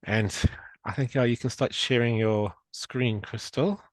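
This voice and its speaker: A man from South Africa hosting an online journal club. He introduces the speaker in a relaxed, chatty way and fumbles a little. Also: mid-range voice, a little slow, no echo, rough recording. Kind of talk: casual introduction. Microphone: video call.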